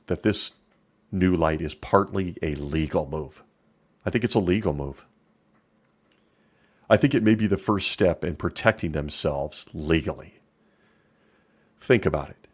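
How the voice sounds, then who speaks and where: A man's voice: sits low, moderate pace. A middle-aged man giving opinion commentary in a sarcastic, emphatic way.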